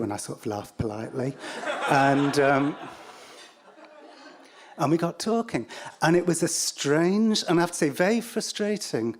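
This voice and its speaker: A man's voice: a little high, lively intonation, measured pace, long pauses. An English-accented man telling a personal story live, in a wry, self-mocking way with stop-start phrasing.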